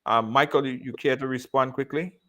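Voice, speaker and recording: A man's voice: medium pitch, fairly even intonation, fairly quick, a bit bright. A man hosting a live call-in show, repeating words as he steers callers.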